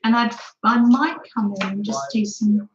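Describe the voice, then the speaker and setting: A woman hosting a chatty craft livestream by the seaside, gentle and affectionate as she greets viewers by name. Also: a little high, fairly even intonation, moderate pace, a crowd in the background. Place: by the seaside, away from her desk. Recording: roomy, dull lo-fi sound.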